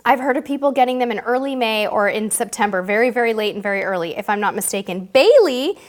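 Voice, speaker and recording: A woman's voice: mid-range voice, fairly even intonation, quick pace. A woman hosting a live-stream Q&A, reading viewer questions aloud in a bubbly, chatty way. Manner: bubbly, chatty, emotional, self-deprecating. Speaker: host.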